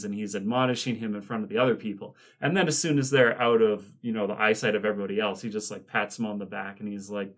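A man's voice: fairly low pitch, little pitch movement, fairly quick. A man co-hosting a podcast, recapping scenes in casual chat with rambling asides and many fillers. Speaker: podcast co-host.

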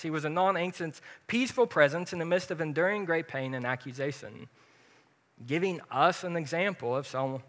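Guy preaching a laid-back sermon, bright punchy voice, earnest then kidding around. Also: fairly high pitch. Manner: earnest, animated, personal and joking. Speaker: pastor.

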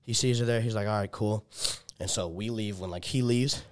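A young man with a fairly low pitch and a brisk pace tells a long personal story in casual chat. Heavy "like" filler, swearing, restarts, and acted-out quoted dialogue run throughout.

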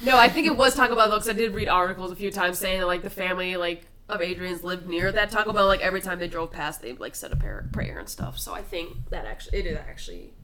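A woman's voice: fairly low pitch, fast talker, few pauses, noisy background. Rambling young woman retelling a crime story. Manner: rambling, lots of "like" and swearing, acts out quotes. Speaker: podcast co-host telling a true crime story. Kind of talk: casual true crime chat.

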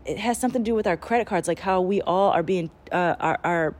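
A woman's voice: fairly low pitch, quick pace. A woman talking casually as a spiritual channeler, rambling and swearing as she tells a story with lots of energy. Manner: profane, rambling, animated storytelling.

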